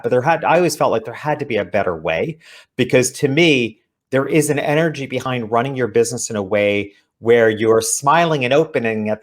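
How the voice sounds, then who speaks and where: A man, an author guesting on an interview show, talking earnestly as he explains his ideas. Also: mid-range voice. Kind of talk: interview conversation.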